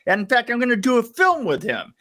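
A man's voice: very high voice, wildly swooping pitch, fast, bright, forceful tone. A middle-aged man telling a story as a podcast guest, rambling, stumbling over restarts and laughing at himself. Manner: rambling, stammering restarts, self-mocking laughter. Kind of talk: casual storytelling chat.

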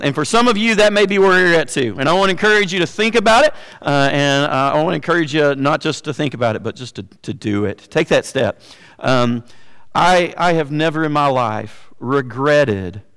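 A man giving a sermon as pastor, conversational with frequent fillers, slowing down to stress key words. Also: mid-range voice, fairly bright tone, clean tone, long reverb tail.

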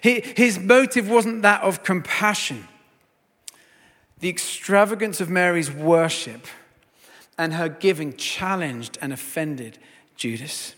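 A man preaching a sermon and telling a story, swinging from hushed to loud. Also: high voice, takes it slowly, in a large hall.

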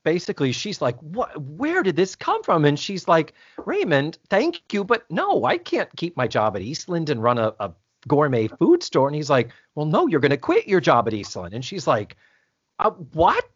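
A man's voice: a little high, wildly swooping pitch, normal speed, husky, no echo. A man co-hosting a podcast, chatting casually as he recaps a TV episode, acting out the characters' lines and swearing freely. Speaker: podcast co-host. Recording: dull lo-fi dry sound.

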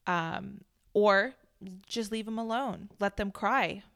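A woman's voice: medium pitch, slow, gravelly, a bit bright, no room sound. Chicago-suburbs woman chatting on her podcast, lots of likes and ums, super dry sound. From Chicago suburbs, USA. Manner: chatty, storytelling with many fillers and laughs. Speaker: podcast co-host. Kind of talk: casual chat.

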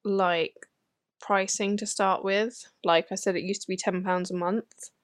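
A woman's voice: mid-range voice, flat delivery, a little slow, no room sound, clean studio sound. A woman with a British accent, a guest in a podcast interview, shy and self-deprecating with frequent laughs. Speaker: guest illustrator. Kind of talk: casual interview chat.

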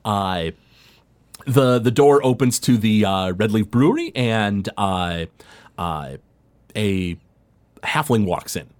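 A man's voice: lowish voice, expressive, slow pace, pauses often, a little mellow. A man narrating as game master of a tabletop role-playing game, rambling with many fillers. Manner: rambling, full of fillers, drops briefly into character voices.

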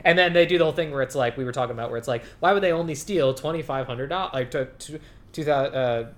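A man chatting about a movie on a podcast, animated, laughing often and saying "like" a lot. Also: medium pitch, fast. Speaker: podcast co-host. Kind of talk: casual chat.

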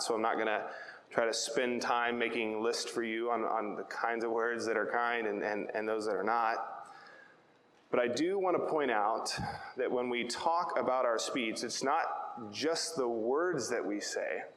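A man preaching in a relaxed, conversational way who keeps checking in with "right?" and tells family stories. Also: medium pitch. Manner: checks in with "right?" after nearly every point. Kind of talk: conversational Bible teaching. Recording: echoey hall with long reverb, faint hiss.

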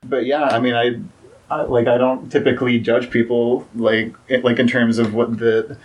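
A man's voice: mid-range voice, flat delivery, moderate pace, highs cut off. A young man as a podcast guest, talking casually with many fillers and restarts.

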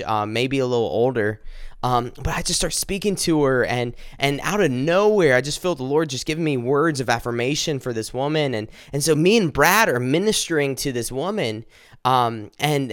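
Earnest guy telling his faith story, keeps restarting, smooth clear voice, dry close sound. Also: mid-range voice, a bit bright, no room sound. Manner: earnest, halting, with many restarts; speaks directly to listeners. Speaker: speaker sharing a faith testimony. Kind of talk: personal testimony storytelling.

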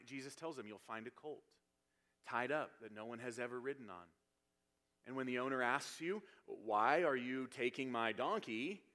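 A man's voice: medium pitch, fairly bright tone. A man preaching a sermon, explaining scripture verse by verse and building to emphatic passages. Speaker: pastor.

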